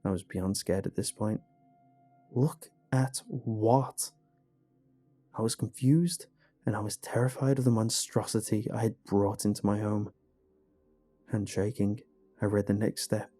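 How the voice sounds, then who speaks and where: Man, horror narration, low mellow voice, measured and hushed, faint music behind. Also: steady tone. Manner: measured, hushed first-person storytelling. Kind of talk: scripted horror story narration.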